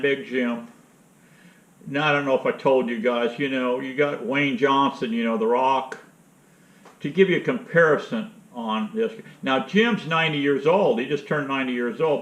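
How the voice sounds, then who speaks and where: A man hosting an outdoor channel, telling a rambling, blunt story in a casual monologue. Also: medium pitch. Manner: rambling, blunt, retells conversations. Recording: roomy, dull lo-fi sound.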